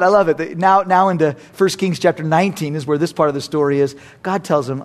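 A man preaching a sermon, telling a story with lively acted-out voices and swinging between loud emphasis and quiet asides. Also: on the high side, brisk, few pauses. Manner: animated storytelling, acting out characters. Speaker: pastor.

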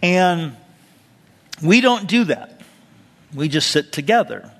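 Brief: a man preaching in a church, easygoing, plenty of asides, a fairly high voice, echoing hall. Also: expressive, slow pace, fairly bright tone. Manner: conversational, with asides and rhetorical questions. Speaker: pastor. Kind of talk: expository sermon. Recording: long hall reverb.

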